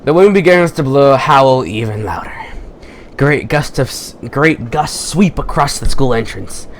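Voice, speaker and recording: A man reading a visual novel aloud with commentary, haltingly, stumbling and restarting on words. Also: mid-range voice, expressive, slight background noise. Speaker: gaming YouTuber.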